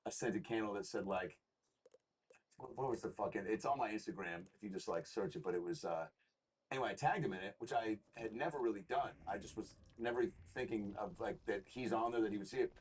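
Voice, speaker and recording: As an interview guest, the comedian-actor rambles through animated, foul-mouthed anecdotes. His voice is lowish with a breathy edge, and he talks a little fast.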